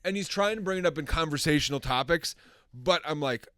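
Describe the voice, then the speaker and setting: A man's voice: on the high side, brisk, fairly bright tone, dry recording. A man co-hosting a casual podcast, joking and bantering and laughing often. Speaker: podcast co-host.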